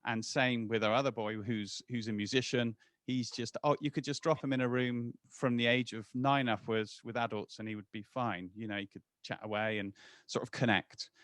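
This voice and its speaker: A man's voice: mid-range voice, normal speed, no room sound, studio quality. A man in his forties, a guest talking in a casual interview with lots of restarts. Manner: animated, restarts often.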